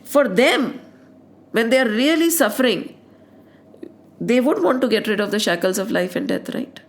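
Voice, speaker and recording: A woman's voice: fairly high pitch, lively intonation, normal speed. Indian woman teaching scripture, questioning listeners. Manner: mixes Hindi into English, asks rhetorical questions. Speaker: spiritual teacher. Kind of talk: explaining scripture.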